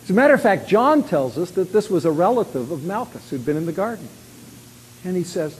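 A man preaching a sermon. He acts out quoted lines loudly and drops to a quiet voice when he reflects. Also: a little high, expressive, moderate pace. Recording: long hall reverb with faint hiss.

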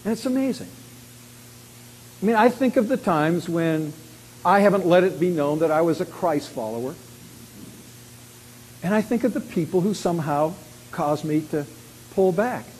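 A man preaching a sermon. He acts out quoted lines loudly and drops to a quiet voice when he reflects. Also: high voice, lively intonation, normal speed, pauses often. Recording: long hall reverb with faint hiss.

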